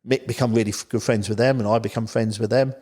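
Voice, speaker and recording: A man chats as a podcast guest, his voice sitting low. He tells his story loosely and packs it with "you know" asides. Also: steady tone, fast talker, warm tone, breathy edge. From England, Isle of Wight. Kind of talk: casual storytelling chat.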